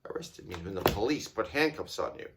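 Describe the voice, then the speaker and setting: Deep-voiced man telling his kids a story. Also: fairly quick, noisy background. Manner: animated, playful storytelling to kids. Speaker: tour guide. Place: home during lockdown.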